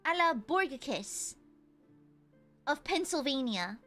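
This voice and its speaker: A woman's voice: high voice, very animated, takes it slowly, bright, forceful tone, faint music behind. A young woman livestreamer chatting casually and reading donations, bubbly and giggly, cursing freely.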